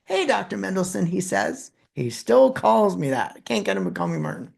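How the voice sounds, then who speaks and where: Brief: male presenter, animated storyteller, wide pitch swings, pauses for effect. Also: gravelly. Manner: expressive, dramatic pauses, quotes dialogue. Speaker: presenter telling a personal story. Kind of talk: storytelling keynote talk.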